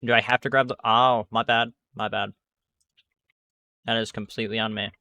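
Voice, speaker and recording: Young male streamer, bright dry voice. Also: fairly low pitch, flat delivery, normal speed, dry recording. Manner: rambling, full of fillers and asides. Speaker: gaming streamer. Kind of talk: casual gameplay commentary.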